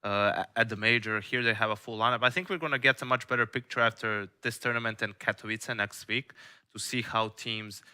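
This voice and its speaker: Male analyst, measured delivery, crisp and very bright tone. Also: fairly low pitch, steady tone. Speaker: esports analyst. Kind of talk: studio analysis chat.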